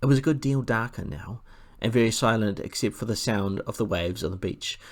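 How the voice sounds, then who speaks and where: A man reading a novel aloud as an audiobook narrator, in a calm, low-key manner. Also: a little fast.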